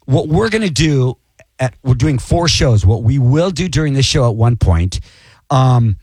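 A man's voice: mid-range voice, expressive, unhurried, darkish tone, husky, no echo. A man, a comedian, chatting casually in a rambling, self-deprecating way. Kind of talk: casual chat.

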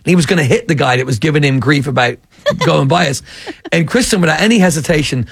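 English guy co-host, kinda high and raspy, telling stories, dry sound. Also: animated, fast talker, no room sound. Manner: storytelling, joking. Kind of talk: casual chat.

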